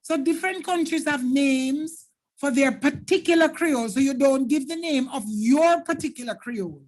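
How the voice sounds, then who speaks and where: A woman's voice: high-pitched, normal speed, darkish tone. A Jamaican woman teacher running a live online exam-prep lesson, explaining patiently and thanking viewers by name.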